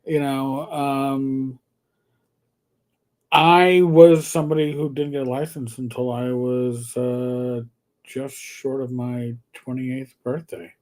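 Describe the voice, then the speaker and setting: A man co-hosting a live stream, telling a story in a casual, lively way, with some swearing and stumbling repeats. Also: mid-range voice, slow. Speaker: co-host.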